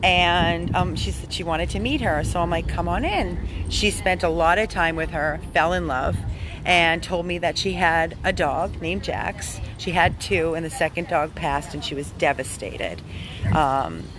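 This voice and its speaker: Excited woman rescuer filming outdoors. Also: on the low side, background noise. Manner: enthusiastic, rambling, fast bursts. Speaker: dog rescuer. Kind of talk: vlog narration. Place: outdoors in a fenced yard.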